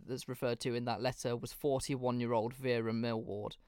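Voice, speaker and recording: A man's voice: medium pitch, little pitch movement, moderate pace, a little mellow, clear, resonant tone, dry recording, clean studio sound. A man hosting a podcast, narrating a case casually with plenty of swearing. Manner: casual, swears freely, reads from notes. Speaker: podcast host.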